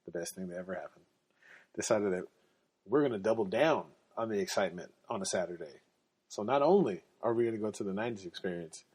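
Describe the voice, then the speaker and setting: A man hosting a podcast, telling casual stories in an animated, slangy way and laughing often. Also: lowish voice, husky. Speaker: podcast host. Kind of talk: casual storytelling.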